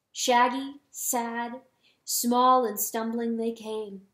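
A woman giving a dramatic reading of a storybook, slowing down on solemn words. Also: on the high side, steady tone. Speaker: audiobook reader. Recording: roomy echo.

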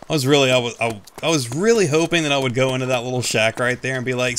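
A man talks through his own gameplay in a loose, rambling way, joking at his own expense and swearing offhand. His pitch sits in a middling range. A faint hiss of noise runs under the recording. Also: quick pace, few pauses, a bit bright. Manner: rambling, self-mocking, swears casually. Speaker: gaming YouTuber. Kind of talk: casual gameplay commentary.

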